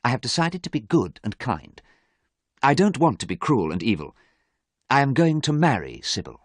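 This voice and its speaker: A man voicing a troubled, emotional young man in a story read aloud, speaking earnestly and sometimes in a hushed voice. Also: medium pitch, sing-song, normal speed, no echo, clean studio sound, pitched above the performer's own voice.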